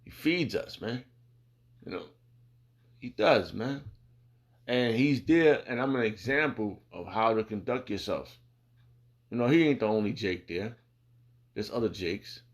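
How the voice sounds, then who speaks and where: A man with a somewhat low voice shares his faith in a loose, rambling way. He swears freely, leans on "man" and "bro", and slows down to read scripture. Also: animated. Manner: reads scripture slowly. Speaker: speaker sharing faith testimony. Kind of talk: casual religious talk.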